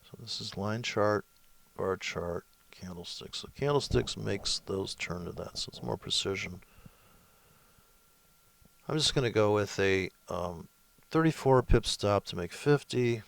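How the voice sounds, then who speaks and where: A man's voice: fairly low pitch, unhurried, gravelly. A man giving a casual screen-share trading tutorial, rambling through it with sarcastic, crude asides. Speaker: forex trading presenter.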